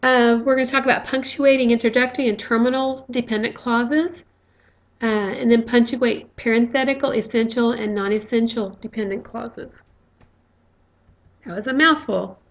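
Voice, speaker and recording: Woman teacher going over grammar, bit high voice, patient, lots of okays and uhs. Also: steady tone, normal speed, highs cut off. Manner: patient, explains step by step with frequent "okay" and "uh". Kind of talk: recorded grammar lecture.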